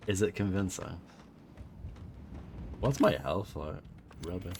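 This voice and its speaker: Low-voiced man streaming a game. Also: lively intonation, takes it slowly, vocal fry, a little mellow, a little hiss or hum. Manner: rambling, self-deprecating, chats with viewers. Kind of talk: casual live gameplay chat.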